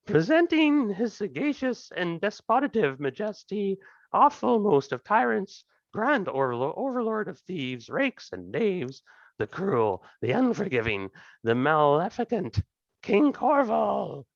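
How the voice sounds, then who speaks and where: A man voicing a male beggar jester who shouts out a long list of royal titles in a slow, drawn-out way, on a dull, dry lo-fi recording. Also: high-pitched, very animated, gravelly, dry recording, pitched above the performer's own voice, heavily acted. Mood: shouting, pompous. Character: shrieking male beggar jester, herald of the king.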